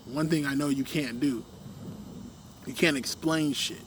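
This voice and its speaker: A young man in a casual, rambling rant, full of fillers, often trailing off quietly at the ends of his thoughts. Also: medium pitch, moderate pace, noisy background.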